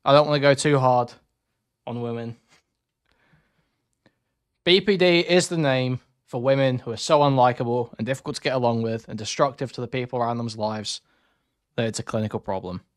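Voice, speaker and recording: A man's voice: medium pitch, a little fast, pauses often, clean tone, no echo, studio quality. A man streaming live, talking in a blunt, sarcastic, rambling way as he reacts to chat. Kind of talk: casual live-stream commentary.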